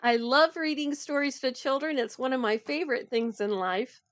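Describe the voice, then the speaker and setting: A woman reading a picture book to children, with gentle, chatty asides to her young listeners. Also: sits high. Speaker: storyteller for children.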